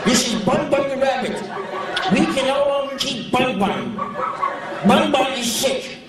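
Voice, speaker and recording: A man putting on the voice of an odd, fussy mother, speaking high, slow and prim in a sing-song way. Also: expressive, a loud crowd. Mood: prim, pleading. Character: shrill, fussy mother, an odd middle-aged woman. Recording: echoey live hall, voice heard from afar.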